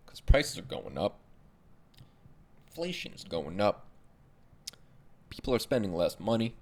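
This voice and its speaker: A man's voice: on the low side, very animated, measured pace. A young man hosting a podcast, ranting casually and sarcastically with frequent swearing. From Arab background. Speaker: podcast host. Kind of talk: casual monologue rant.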